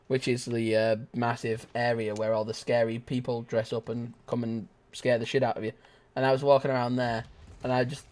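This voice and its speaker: A young man giving live gameplay commentary, chatting casually and shouting sudden excited exclamations. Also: mid-range voice. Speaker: gaming video host.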